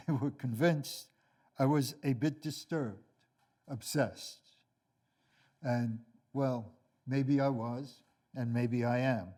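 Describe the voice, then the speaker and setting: Older male lecturer, deliberate and wry, very slow delivery at an average pitch. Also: warm tone. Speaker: lecturer, author. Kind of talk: read lecture and storytelling.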